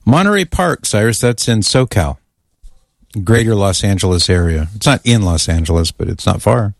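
A man's voice: lowish voice, animated, moderate pace, gravelly, dry recording, clean studio sound. A man hosting a casual call-in radio show, friendly and joking with callers and his co-host.

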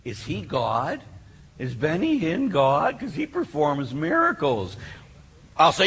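Bright-voiced priest giving a sermon. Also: male voice, on the high side, unhurried, gravelly, slightly rough. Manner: animated storyteller who acts out voices. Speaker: Catholic priest. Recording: hall reverb, faint background noise.

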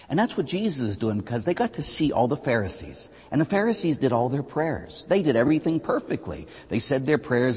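A man with an American accent, a priest preaching a sermon, his voice swinging from high emphatic peaks to low, quiet asides. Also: slightly rough. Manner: animated, rises high on emphatic phrases then drops low and quiet. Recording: long hall reverb.

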